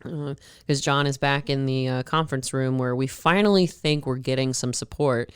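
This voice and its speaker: A woman co-hosting a podcast in casual chat, telling stories in an animated way and laughing often. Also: very deep voice, moderate pace, clean tone, no room sound, studio quality. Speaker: podcast co-host.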